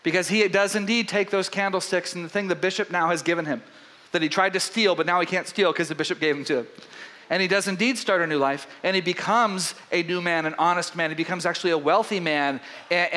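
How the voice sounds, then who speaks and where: A man preaching a sermon as pastor, telling a story in an animated way with frequent restarts. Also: high-pitched.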